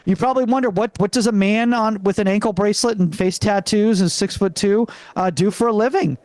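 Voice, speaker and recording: A young stand-up comedian from Venezuela works the crowd with a halting delivery, stumbling through fillers and restarts. His voice sits fairly high for a man. It comes through a stage mic and sounds dry and close. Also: a little mellow, no echo. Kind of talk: live stand-up set.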